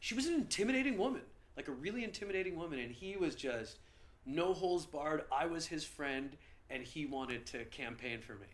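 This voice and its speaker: A male comedian talking as a podcast guest, animated and lively as he tells his stories. His voice sits a little high for a man. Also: fairly quick. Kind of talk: casual storytelling in a podcast interview.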